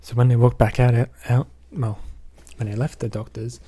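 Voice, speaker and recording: This Australian man reviews movies and here recaps one in a meandering, casual style, filling silences with "basically" and "um." His mid-range voice is mellow and a little rough, with little pitch movement and a moderate pace.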